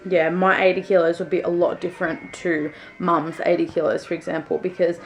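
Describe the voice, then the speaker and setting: Speaking fairly low and flat at a brisk clip, this young Australian vlogger chats casually to camera. Her storytelling wanders and is peppered with ums, and there's a little hiss or hum underneath.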